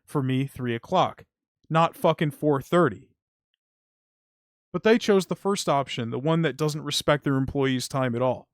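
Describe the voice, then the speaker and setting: A man's voice: medium pitch, a little slow, dry recording, clean studio sound. A young man streaming, venting heatedly about his delivery job with frequent swearing. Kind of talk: casual stream rant. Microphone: streaming mic.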